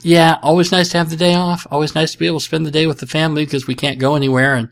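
A man's voice: on the high side, level tone, very fast, vocal fry. Sarcastic, rambling man hosting a podcast. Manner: sarcastic, self-mocking, rambling asides. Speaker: podcast host answering listener questions. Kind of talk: casual comedic chat.

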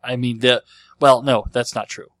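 A man's voice: mid-range voice, steady tone, normal speed, fairly bright tone, no room sound. A man hosting a casual podcast, answering listener questions in a rambling, conversational way as he thinks aloud. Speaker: podcast host.

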